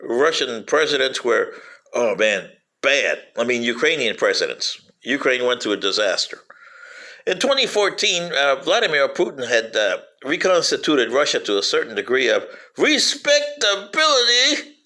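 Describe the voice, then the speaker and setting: A man's voice: mid-range voice, sing-song, moderate pace, sharp tone. A man giving a sarcastic, rambling monologue to camera, teasing his listeners with sing-song taunts and cackles. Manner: rambling with frequent fillers. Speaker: political commentator.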